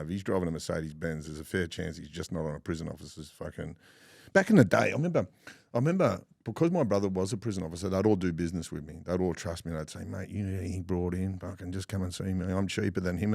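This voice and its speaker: A middle-aged Australian man telling rough stories in casual chat, swearing freely and laughing as he goes. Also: low-pitched, fast, no echo, clean studio sound. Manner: swears often, animated yarn-spinning with laughs. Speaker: podcast guest.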